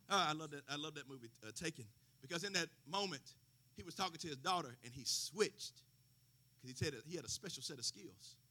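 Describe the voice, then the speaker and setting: An impassioned male preacher with a very high, piercingly bright voice. He builds to shouts and calls out to the congregation. His delivery swings between intimate asides and rousing declarations. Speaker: pastor. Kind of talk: sermon.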